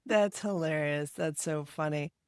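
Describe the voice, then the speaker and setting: A woman's voice: sits low, measured pace, clear, resonant tone, no room sound, studio quality. A woman hosting a casual podcast interview, encouraging her guest and laughing readily. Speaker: podcast host.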